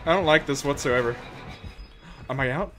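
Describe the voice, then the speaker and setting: A young man streaming a game, excitable, swearing and yelling in panic as he plays. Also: mid-range voice, normal speed, soft background music. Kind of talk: live game-stream chatter.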